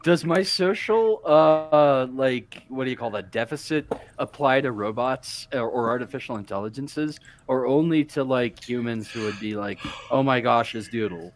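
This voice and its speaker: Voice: mid-range voice, normal speed, hardly any pauses. A player in a tabletop game who giggles a lot and trails off mid-sentence.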